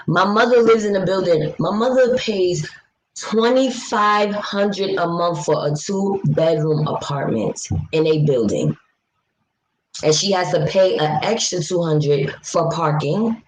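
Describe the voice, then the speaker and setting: This New York City vlogger is a mother of young children who chats casually on a livestream and reads viewer comments aloud. Her voice sits low, and the poor audio carries a slight hiss or hum. She is blunt, outspoken and often profane, launching into fast, animated rants.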